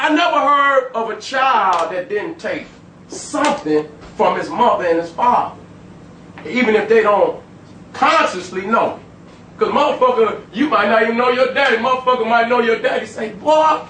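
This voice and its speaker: A man's voice: normal speed, far from the mic, a little hiss or hum. Profane, emphatic man lecturing in an echoey room. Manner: profane, emphatic, swings between loud and low. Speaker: speaker lecturing an audience. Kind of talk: animated street lecture. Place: room with a live audience.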